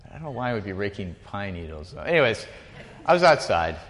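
A man's voice: fairly low pitch, big pitch swings, fast, a bit bright. Chatty man teaching in a hall. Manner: rambling, self-correcting, chatty with asides. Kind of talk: informal teaching talk to a group.

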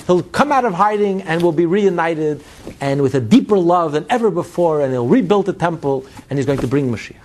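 A man teaching a Hasidic text in a spoken lecture. He builds emphatic runs of repeated phrases, then drops to quiet, low asides. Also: breathy edge. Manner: swings between loud stress and low, quiet asides. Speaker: Torah teacher.

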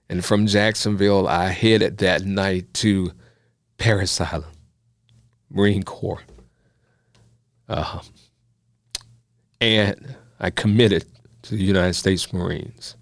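A man's voice: fairly low pitch, dry recording, clean studio sound. A man, a minister, telling his own story in a sermon and encouraging his listeners. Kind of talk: testimony sermon.

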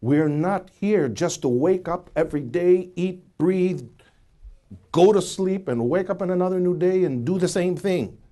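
A man's voice: high voice, a little slow, warm tone. A middle-aged man teaching from the Bible to a studio audience, asking questions and restarting his words often. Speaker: preacher.

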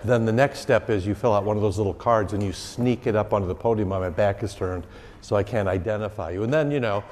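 A pastor teaches a catechism class in an informal, conversational way, repeating key phrases for emphasis. His voice is fairly low with a darkish tone, and the hall adds long reverb.

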